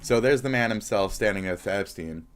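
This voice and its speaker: A man's voice: fairly low pitch, animated, moderate pace. A man from the American South streaming crude, rambling, sarcastic reaction commentary on clips. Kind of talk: casual profane reaction commentary.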